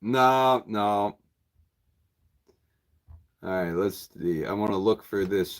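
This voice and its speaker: A man's voice: on the low side, takes it slowly, long pauses. A man who runs a used bookshop, chatting casually and at a rambling pace with viewers on a livestream, chuckling often.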